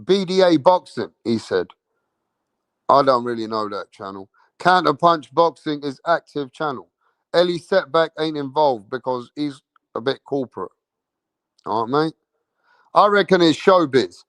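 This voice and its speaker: A man's voice: a little high, lively intonation, measured pace, long pauses, fairly bright tone, dry recording, clean studio sound. A man with a London accent hosting a boxing livestream, brash and slangy, swearing and repeating himself as he calls out questions to his chat. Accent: London English. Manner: calls out to chat and waits for answers. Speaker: boxing channel host.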